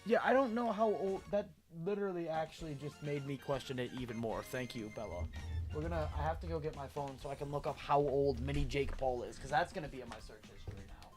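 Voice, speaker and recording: A man live-streaming a game, chatting casually with viewers in a rambling, animated way and laughing often. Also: fairly high pitch, fast. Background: game music.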